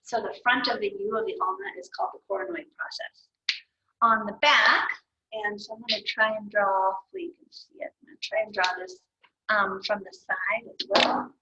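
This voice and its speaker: A woman's voice: medium pitch, normal speed, bright, forceful tone. A woman teaching anatomy as she draws, patient and thinking aloud, correcting herself now and then. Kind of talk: explaining anatomy while drawing. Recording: dull lo-fi recording.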